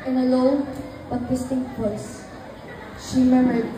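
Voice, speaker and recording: A young woman declaims a dramatic piece in a high, unhurried voice that sweeps through pitch and loudness. She is heard from far off in a very echoey hall, with a faint crowd and light noise behind her. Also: little pitch movement. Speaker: declamation contestant.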